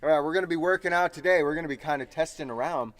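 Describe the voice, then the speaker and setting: A man's voice: on the high side, fast, fairly bright tone. A man co-hosting a casual didgeridoo practice lesson, talking in a rambling, chatty way. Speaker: didgeridoo teacher and co-host. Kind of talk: casual instructional chat.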